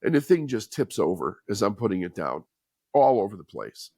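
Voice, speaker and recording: A man's voice: fairly low pitch, sing-song, normal speed, mellow, no room sound, studio quality. A middle-aged man, a podcast guest, telling his life story in an earnest, candid, conversational way. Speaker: podcast guest, author and speaker. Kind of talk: personal storytelling in an interview.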